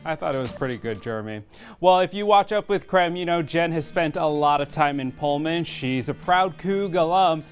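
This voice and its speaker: Morning news guy, bit high voice, easygoing, friendly, faint music behind. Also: expressive, normal speed.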